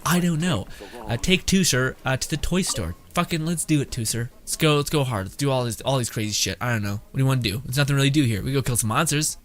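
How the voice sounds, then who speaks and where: Bright, profane, laughing gaming streamer man. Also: mid-range voice, fast. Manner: profane, rambling, laughs a lot. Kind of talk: let's-play commentary. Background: faint game music.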